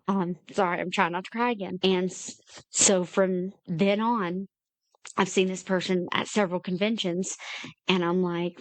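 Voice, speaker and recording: A woman's voice: fairly low pitch, steady tone, moderate pace, no echo. A woman talking earnestly and from the heart as an interview guest, telling personal stories. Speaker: guest, independent creator. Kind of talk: candid interview conversation.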